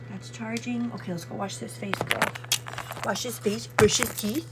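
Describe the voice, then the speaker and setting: A woman's voice: on the high side, fairly even intonation, normal speed, heavy background noise. A woman in her thirties hosting a get-ready-with-me live stream, chatting to her viewers, calling them "girl" and thanking them by name as she gets ready at home. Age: 30s. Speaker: livestream host.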